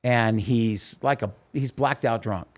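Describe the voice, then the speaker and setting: A man's voice: medium pitch, slow pace. A man, a podcast guest, telling a personal story in an interview, vividly and intensely, acting out quoted dialogue.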